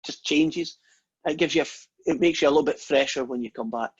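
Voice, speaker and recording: A man's voice: fairly high pitch, brisk, husky. A man giving a university maths lecture, chatty and quizzing the class with questions. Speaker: math lecturer. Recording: dull lo-fi recording.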